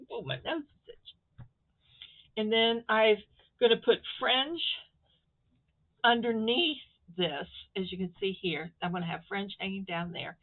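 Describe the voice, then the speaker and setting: Slow-talking woman on tinny phone audio. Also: medium pitch. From Florida. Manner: chatty, rambling, talks to viewers while handling fabric. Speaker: crafting vlogger. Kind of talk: casual craft show-and-tell.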